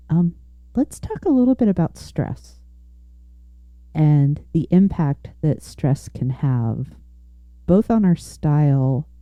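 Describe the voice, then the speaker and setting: A woman hosting an interview, speaking in a thoughtful, affirming, measured way. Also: extremely low pitch, no echo, dull audio. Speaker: podcast host. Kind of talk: conversational interview.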